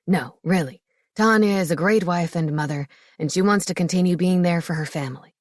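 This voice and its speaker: A woman's voice: lowish voice, brisk, dry recording, clean studio sound, lightly acted. Woman doing a proud old pack-leader dad. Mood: proud, joking. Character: proud older male pack leader, father.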